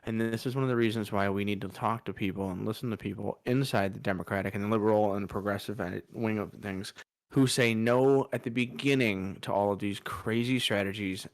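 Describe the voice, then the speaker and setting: Frustrated low-voiced man on a podcast. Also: steady tone, brisk, no room sound, studio quality. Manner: frustrated, emphatic, mocking quotes. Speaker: podcast co-host. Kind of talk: political opinion talk.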